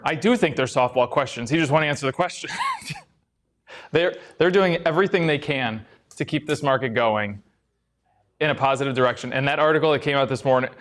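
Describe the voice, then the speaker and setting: A man's voice: on the high side, fairly bright tone. A man co-hosting a livestream, chatting casually about the stock market and often restarting his sentences. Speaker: livestream co-host. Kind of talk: casual market talk and banter.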